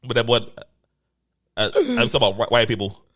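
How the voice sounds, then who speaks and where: Guy on a podcast, talks quick and animated, tells stories, acts out what people said. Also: mid-range voice. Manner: animated, profane, acts out quotes. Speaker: podcast co-host. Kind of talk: casual storytelling chat.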